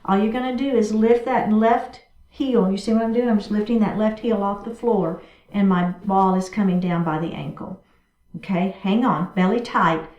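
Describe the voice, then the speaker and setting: A woman's voice: medium pitch, normal speed, darkish tone, lo-fi sound. A woman chair yoga instructor, cueing each movement step by step in an encouraging way during a guided class. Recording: echoey room from a distance.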